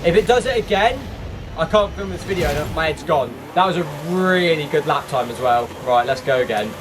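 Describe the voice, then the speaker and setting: A man commentates his own racing game run in a high, bouncy voice that swings all over the place. He is excitable and easily frustrated, and his rough, noisy mic picks up the whine of game engines behind him. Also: a little fast. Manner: excitable, bursts into frustrated shouts. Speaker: gaming YouTuber.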